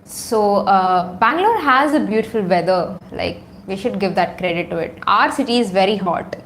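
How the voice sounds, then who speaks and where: A woman's voice: mid-range voice, slight background noise. A woman from India chatting casually on a livestream from her room, reading out viewers' comments with lots of fillers. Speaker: YouTuber on a livestream. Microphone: phone or camera on a tripod.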